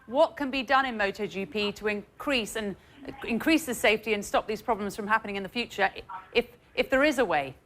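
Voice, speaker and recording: A woman's voice: medium pitch, fairly quick, a bit bright, slight background noise. A woman interviewing a guest for the news, asking questions in a conversational way.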